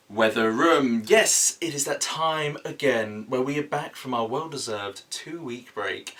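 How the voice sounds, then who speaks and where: A man playing a pompous low-budget TV weatherman in an overly formal announcer voice. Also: fairly bright tone, distant mic. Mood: showy.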